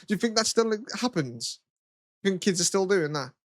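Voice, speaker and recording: A man's voice: high-pitched, expressive, fairly quick, no room sound, clean studio sound. A young man, co-hosting a casual podcast chat, rambling and swearing a lot. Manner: rambling, sweary, lots of "you know what I mean". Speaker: podcast co-host.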